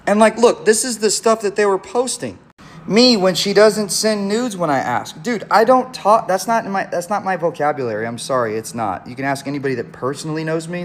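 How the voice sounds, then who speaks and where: A man with a somewhat high voice delivers a defensive rant to a phone camera. His sentences keep stalling and restarting, and he swears bluntly along the way. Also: a bit bright. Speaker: musician addressing critics online. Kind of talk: direct-to-camera social video rant.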